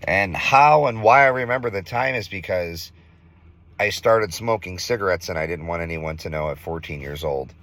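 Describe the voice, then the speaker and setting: A man in his thirties from Minnesota, earnestly telling a ghost story in a casual vlog, halting with fillers. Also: low voice, a bit bright. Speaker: vlogger.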